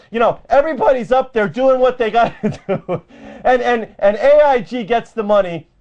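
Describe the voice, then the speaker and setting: A man with a strikingly high voice hosts his own talk show. He rants loudly, repeats his points and calls out to listeners. The recording sounds dull and lo-fi. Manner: loud, fired-up ranting, repeats himself. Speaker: host of an independent internet radio show. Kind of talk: ranting political talk show.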